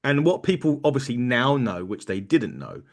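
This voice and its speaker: A man's voice: mid-range voice, sing-song, normal speed. A man hosting a podcast, asking his guest questions in a casual way. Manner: casual, conversational. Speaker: podcast host. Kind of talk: interview questions.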